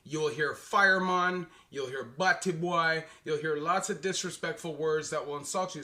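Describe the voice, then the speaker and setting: Bright Canadian man vlogging casually. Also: a little high. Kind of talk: casual explainer monologue.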